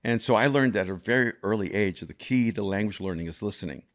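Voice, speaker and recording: Brief: older male guest, low voice, thoughtful storyteller who restarts his sentences. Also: fast talker. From El Salvador. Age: over 50. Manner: reflective, frequent restarts and repeated words. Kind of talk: conversational storytelling.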